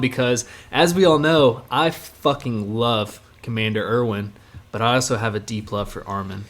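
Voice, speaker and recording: A man co-hosting a casual podcast, talking like an excitable, argumentative fan who keeps saying "dude.". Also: medium pitch, normal speed. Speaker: podcast co-host. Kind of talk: casual chat about an anime.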